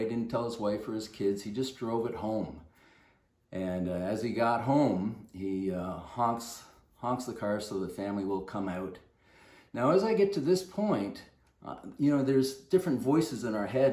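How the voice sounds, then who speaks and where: A man's voice: medium pitch, moderate pace, dark tone, reverberant. An older man, a fitness coach, telling a rambling anecdote to the camera in a casual way, with many fillers and restarts.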